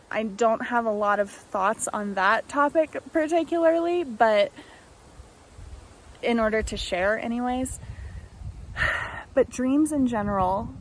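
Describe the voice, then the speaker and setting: A young woman from the United States talks in an unhurried, drawn-out way, her voice sitting a little high. She sounds moved and often stops to restart, with plenty of "um" and "like". She is talking outdoors to her vlog audience. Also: a little hiss or hum, rough recording. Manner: emotional, halting, full of fillers and restarts. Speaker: vlogger. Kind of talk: heartfelt tribute and vlog narration.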